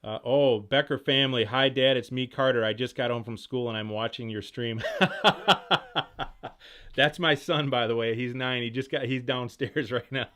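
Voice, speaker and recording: A man who hosts an outdoor gear channel runs a casual live stream from home, firing through viewer questions quickly and reacting to each. His voice is middle-pitched and plain, everyday in tone. He rambles and jumps between thoughts, reading chat comments aloud and responding excitedly.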